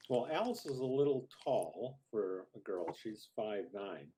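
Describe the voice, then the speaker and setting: A man playing in a tabletop game, speaking calmly and matter-of-factly. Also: on the low side, unhurried, husky. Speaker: player. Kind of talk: casual tabletop play.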